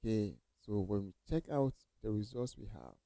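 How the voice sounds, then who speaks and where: Low, mellow-voiced man teaching code. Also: animated, normal speed, creaky, no echo, low-quality recording. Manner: repeats phrases, encouraging, many okays. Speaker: coding tutor. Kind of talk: casual screen-share tutorial.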